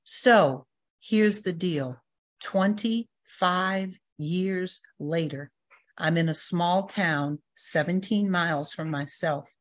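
Older woman with a low, grounded voice, sharing her recovery testimony as a lively storyteller. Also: slow. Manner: storytelling, acts out quoted voices, laughs. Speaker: recovery meeting speaker. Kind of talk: personal testimony talk.

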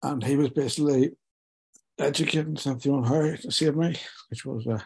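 A middle-aged man recounts his past with candid, self-mocking honesty, stumbling over fillers. His voice is husky and mellow. He sounds close to tears. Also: mid-range voice, moderate pace. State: tearful. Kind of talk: personal storytelling to an interviewer.

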